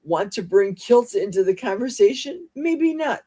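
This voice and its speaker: A woman's voice: on the high side, animated, moderate pace, dark tone, husky. A woman hosting a casual livestream, chatty and exclamatory as she reads viewer comments aloud. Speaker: livestream host. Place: home livestream.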